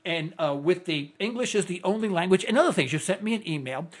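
A man's voice: high voice, animated, fast talker. A man in his sixties hosting a talk radio show, speaking in a rambling, indignant, impassioned way. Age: 60s. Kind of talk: opinionated talk radio monologue.

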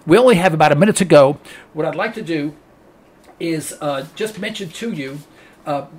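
A man hosting a political talk radio show, speaking with impassioned emphasis and often restarting his phrases as he presses a point. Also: high voice.

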